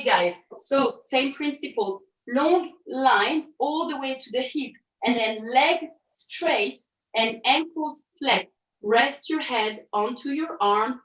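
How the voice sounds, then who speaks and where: High-voiced woman leading a pilates class. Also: fairly bright tone. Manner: upbeat cueing and counting, self-correcting with quick asides. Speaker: pilates instructor. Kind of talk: online fitness class instruction. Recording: roomy audio from a distance.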